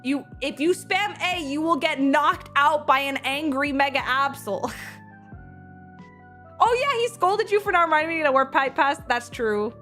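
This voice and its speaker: A young woman streamer casually telling a story to her chat, animated and laughing, full of quick restarts and acted-out quotes. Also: high voice, faint music behind. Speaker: streamer recounting an event.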